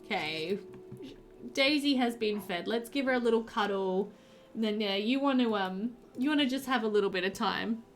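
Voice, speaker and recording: A woman's voice: on the high side, moderate pace, faint music behind. A woman chatting casually with her live-stream viewers while playing, full of ums and likes. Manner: chatty, filler-heavy, answers chat while playing. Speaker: game streamer.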